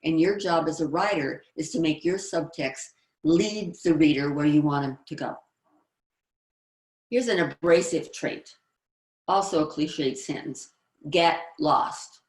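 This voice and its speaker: Female presenter, deep register, explanatory lecture delivery, echoey room sound. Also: measured pace, a little mellow. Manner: explanatory, reads out example lines. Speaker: screenwriting presenter. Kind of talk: instructional presentation.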